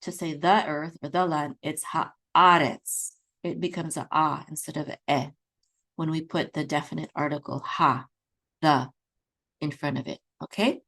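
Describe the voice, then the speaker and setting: A woman's voice: low-pitched, fairly even intonation, fairly bright tone. A woman teaching beginners to read Hebrew, patiently sounding out words and checking in often. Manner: patient, repeats words slowly, chants trope melodies; frequent checking "okay?" with fillers. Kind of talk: beginner lesson, slow patient explanation.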